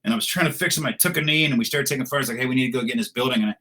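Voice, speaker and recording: A man's voice: mid-range voice, very fast, bright, forceful tone, rough recording. A middle-aged man, a podcast guest in a studio, telling salty, profane anecdotes with laughs in a casual interview.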